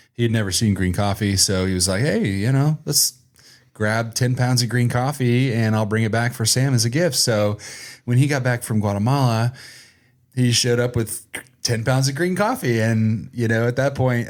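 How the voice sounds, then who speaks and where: A man, a guest on a podcast, telling stories in a relaxed, chatty way and often laughing at himself. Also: mid-range voice. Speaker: podcast guest, coffee roaster. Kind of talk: casual storytelling in conversation.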